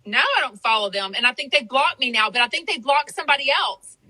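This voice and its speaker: A woman's voice: high-pitched, expressive, fast talker, sharp tone, husky, poor audio. A woman hosting a podcast, chatting casually in a rambling way with lots of fillers. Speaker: podcast host. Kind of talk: casual chat.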